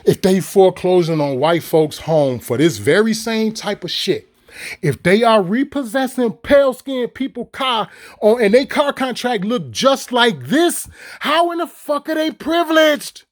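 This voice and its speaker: High-voiced, profane man ranting. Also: lively intonation, a little slow. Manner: profane, heated, repetitive. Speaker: video creator. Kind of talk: ranting monologue to viewers.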